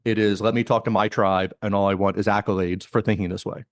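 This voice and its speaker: Fast-talking man joking on a podcast. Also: lowish voice, level tone, no echo, studio quality. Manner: quick, joking, acts out mock quotes. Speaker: podcast co-host. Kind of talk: casual chat.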